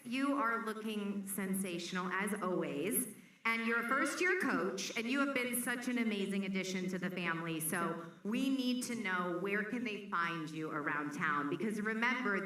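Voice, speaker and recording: A woman's voice: medium pitch, pushed and bright. A woman co-hosting a drag pageant on stage, playful and teasing. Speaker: pageant co-host. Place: bar or club stage with a crowd. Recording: echoey room, far from the mic, faint noise.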